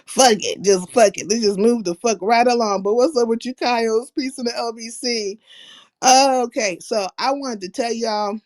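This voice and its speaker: A woman hosting a livestream, telling profane stories in a brash, animated, slangy way. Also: a little high, moderate pace, no echo. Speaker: livestream host. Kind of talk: casual profane storytelling chat.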